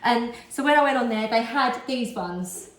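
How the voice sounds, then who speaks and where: A chatty woman with a somewhat high voice talks through a haul at home, rambling happily from one aside to the next. Her voice sounds roomy, bouncing off the walls around her. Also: normal speed. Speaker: vlogger. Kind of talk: casual chat showing a haul. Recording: roomy echo.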